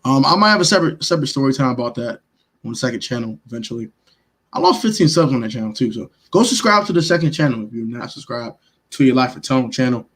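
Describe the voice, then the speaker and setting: Animated, fired-up man. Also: mid-range voice, quick pace. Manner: animated and emphatic, repeats himself, swears freely; reacts to chat viewers by name. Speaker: livestream host grading draft picks. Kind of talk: casual livestream commentary.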